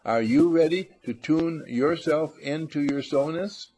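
A man's voice: on the high side, measured pace, dark tone. A man giving an inspirational talk, playful, acting out little scenes and repeating phrases for emphasis. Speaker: motivational speaker.

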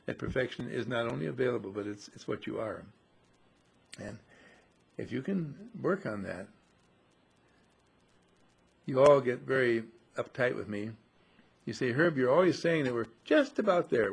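A man giving a slow, musing spiritual teaching to a group, repeating and correcting himself and acting out his listeners' voices. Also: medium pitch, creaky, slightly rough. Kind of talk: metaphysical teaching talk to a group.

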